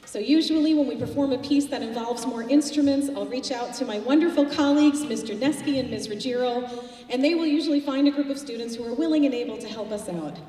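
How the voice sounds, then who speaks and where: Chatty choir director in an echoey auditorium. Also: female voice, fairly high pitch, fast. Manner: chatty, warm-hearted, anecdotal. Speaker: high school choir director. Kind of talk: concert announcement to an audience. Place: school auditorium. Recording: distant, echoey hall with faint noise.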